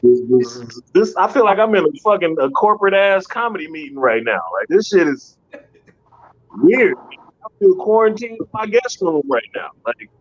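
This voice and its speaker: A man's voice: high voice, very animated, moderate pace, dull audio. A man doing a stand-up comedy set from his guest room, rambling loosely and cursing. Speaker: headlining comedian.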